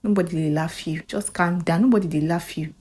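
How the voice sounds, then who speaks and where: A Nigerian woman voicing a calm wife who speaks softly and reassuringly. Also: on the low side, brisk, pitched below the performer's own voice, close to an everyday voice. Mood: soothing. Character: calm, soothing young wife.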